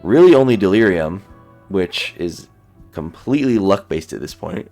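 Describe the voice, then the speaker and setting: Deep-voiced man narrating his gameplay. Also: moderate pace, faint music behind. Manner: relaxed, thinking aloud while playing. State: sleepy, yawning. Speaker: gaming YouTuber. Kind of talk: let's play commentary.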